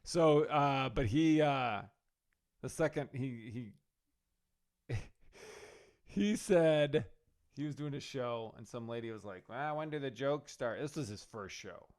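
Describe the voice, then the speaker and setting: A man's voice: medium pitch, slow pace, long pauses. A man co-hosting a casual podcast, telling a story and acting out his friends' voices. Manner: animated storyteller, acts out quoted friends. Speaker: podcast co-host.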